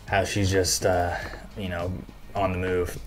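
Male recap host, deep voice, relaxed rambling delivery with swearing, soft music underneath. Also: measured pace. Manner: loose and chatty, heavy on fillers, casual swearing. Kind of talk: casual episode breakdown.

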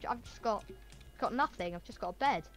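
A woman's voice: on the high side, expressive, brisk, soft background music. A woman chatting casually while co-playing a video game, giggly and given to panicked squeals. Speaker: gamer co-playing a prison game. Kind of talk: casual gaming chat.

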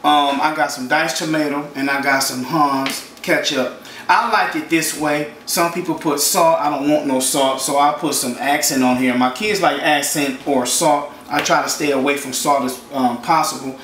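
A man's voice: a little high, steady tone, moderate pace, fairly bright tone. A man hosting a home cooking show, chatting casually and talking the viewer through each step in his kitchen. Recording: echoey kitchen, far from mic, sizzling noise. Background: frying and sizzling from the pan.

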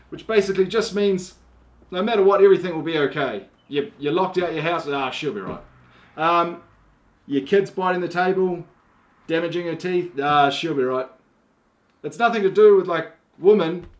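Laid-back kiwi dad, playful and halting. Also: male voice, high voice. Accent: New Zealand. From New Zealand. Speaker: dad teaching his young daughter slang. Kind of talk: casual instructional video.

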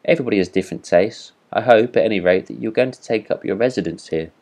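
A peaceable, homely mother duck speaks plainly and sensibly, voiced by a man reading a storybook. Her voice is deep and her manner is mild. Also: fast talker, darkish tone, lightly acted. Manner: mild, practical.

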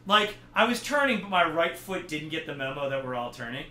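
Man, host, self-deprecating storyteller, bright voice, lively pitch, echoey room. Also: a little fast, slight background noise. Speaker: streamer host. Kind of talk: casual storytelling chat.

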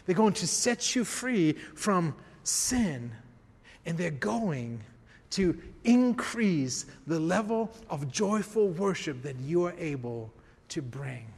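A man preaching a sermon as pastor, emphatic, swinging from quiet to raised. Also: on the high side, lively intonation, takes it slowly, gravelly, breathy edge, big-room sound. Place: church.

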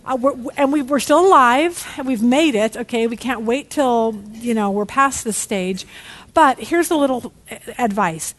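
A middle-aged woman teaching a Bible study in a candid, casual way. Her voice sits a little high, and she is lively and frank. She keeps checking in with her listeners by asking "okay?". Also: moderate pace. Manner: candid and animated, peppered with "okay?".

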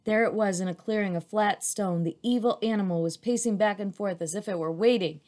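A woman's voice: medium pitch, a little fast, few pauses, darkish tone. A woman reading a children's adventure chapter aloud as narrator, with an occasional restart.

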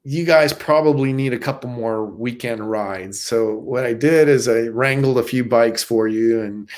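A man's voice: mid-range voice, unhurried. A middle-aged man, a stuntman guest, telling stories in a casual interview with lots of restarts. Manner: animated storyteller with many restarts.

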